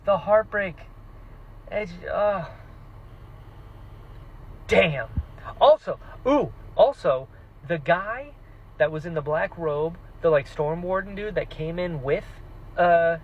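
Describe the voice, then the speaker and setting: Excitable man reacting to a book. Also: sits high, poor audio. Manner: excitable, animated, mock-voicing characters. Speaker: book vlogger. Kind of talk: casual reaction vlog.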